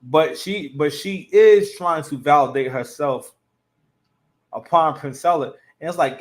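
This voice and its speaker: A man's voice: fairly high pitch, lively intonation, moderate pace. A man hosting a casual reaction commentary, rambling and often restarting his sentences. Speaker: commentary channel host.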